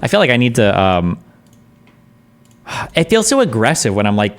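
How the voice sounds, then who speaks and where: A man's voice: medium pitch, big pitch swings, normal speed. A man casually commenting on a debate during a live stream, blunt, profane and thinking aloud in long rambles.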